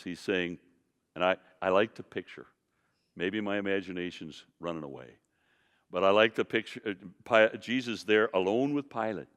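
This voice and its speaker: Male Bible teacher, lower voice with lively swings, lecturing to a class in a reverberant hall. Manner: emphatic, questions the class directly.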